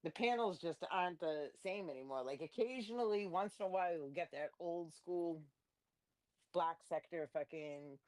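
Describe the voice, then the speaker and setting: A woman hosting a live stream, telling crude, laughing gossip stories in a casual chat. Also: normal speed. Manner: profane, laughing, animated gossip; mimics others in a high squeaky voice.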